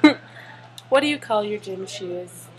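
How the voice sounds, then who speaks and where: Young woman, giggly and casual, mid-pitched voice. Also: animated, a little slow, a crowd in the background. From Spartanburg, South Carolina. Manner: giggly, laughs between words. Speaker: vlogger. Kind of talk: casual chat reading a word list.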